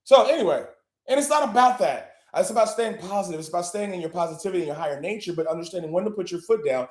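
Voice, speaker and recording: Guy hosting a live session, brash n sweary, high voice, roomy echo. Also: animated, racing. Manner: profane, boastful, blunt, with bursts of laughing and shouting. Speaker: host of a live online session. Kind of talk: brash motivational talk.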